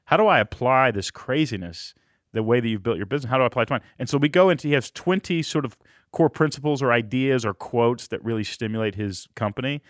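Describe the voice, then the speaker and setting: An energetic man hosts a podcast, spinning anecdotes with lively enthusiasm and sudden bursts of speed. His voice sits at an ordinary middle pitch. The studio sound is close and dry, with no room around it. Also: no room sound. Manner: energetic, storytelling, quick bursts. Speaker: podcast host. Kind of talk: enthusiastic interview podcast talk.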